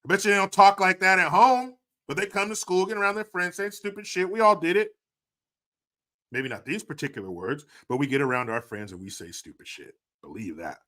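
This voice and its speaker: A man delivers a profane, sarcastic commentary rant, his voice leaping around in pitch and landing hard on punchlines. His tone is bright and forceful. He drops into low mutters for asides, then jumps back up to mock. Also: expressive, fairly quick. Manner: swings between loud outbursts and low muttered asides. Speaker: commentary video host. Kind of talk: opinionated commentary.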